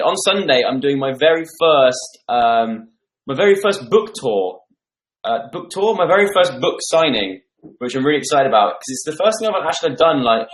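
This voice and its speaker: Young man, casual livestream host, rambling, mid-pitched, roomy home sound. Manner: chatty, rambling, reading out viewer comments. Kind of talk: casual live stream chat. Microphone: desktop microphone.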